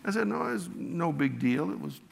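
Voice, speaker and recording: A man's voice: a little high, very animated, moderate pace, vocal fry. A man preaching a sermon, telling stories about himself with a self-deprecating touch and frequent restarts. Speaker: pastor. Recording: long hall reverb.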